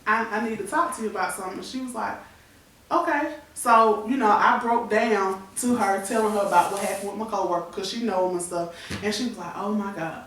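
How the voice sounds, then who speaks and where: A woman's voice: mid-range voice, steady tone, quick pace, few pauses, fairly bright tone, slight background noise. A woman in her thirties candidly recounting a painful personal story on a talk show, acting out the people she quotes. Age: 30s. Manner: candid, tearful retelling with acted-out quotes. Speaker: guest. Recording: echoey room, voice from far off the mic.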